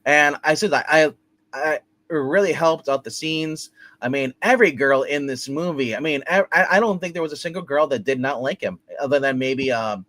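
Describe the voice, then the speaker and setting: A man co-hosting a movie review show, talking casually in a rambling, halting way and often restarting his sentences. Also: a little high, fairly bright tone, no room sound.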